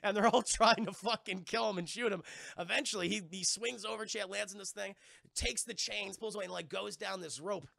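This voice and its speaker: Gravelly, bright-voiced male streamer. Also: sits high, brisk, no echo, studio quality. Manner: animated, profane, rambling. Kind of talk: casual retelling of a film to chat.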